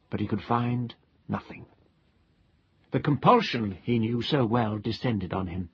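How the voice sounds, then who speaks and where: A man reading a ghost story aloud in a measured, deliberate storytelling style. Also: medium pitch, husky, dry recording, highs cut off. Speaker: narrator.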